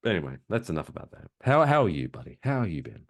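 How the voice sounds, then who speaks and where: A deep-voiced man talks fast as co-host of a podcast, casually chatting and launching into rambling, animated stories full of swearing. The audio is clean studio sound without echo.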